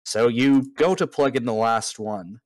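A man running a tabletop game as game master, narrating scenes in a relaxed, storytelling way. His voice sits at an ordinary pitch. The sound is close and dry, with no room echo. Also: a little slow. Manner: relaxed storytelling with a few restarts.

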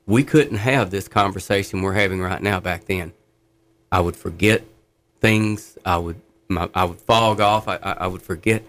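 A man's voice: low voice, moderate pace, fairly bright tone. A middle-aged man sharing his faith testimony in conversation, fervent and earnest, telling stories with laughs.

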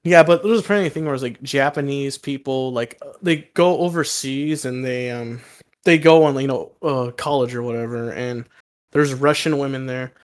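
A man's voice: medium pitch, moderate pace. A man co-hosting a podcast, telling rambling anecdotes in casual chat. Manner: rambling storyteller, loose fillers. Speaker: podcast co-host.

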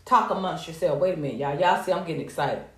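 An American woman giving casual, sassy gossip commentary, animated and profane. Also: sits low, quick pace. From United States. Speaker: commentary vlogger. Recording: echoey room.

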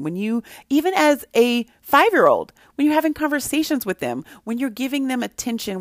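A woman's voice: medium pitch, dry recording, studio quality. A middle-aged woman giving an earnest faith-based talk to mothers, telling a personal story with emphatic repetition. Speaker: Christian speaker to mothers.

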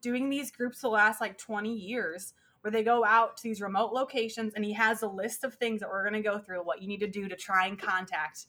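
Bright-voiced chatty woman podcaster. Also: medium pitch, steady tone, a little fast, hardly any pauses. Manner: chatty, lots of "like" fillers. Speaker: podcast co-host. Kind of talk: casual chat.

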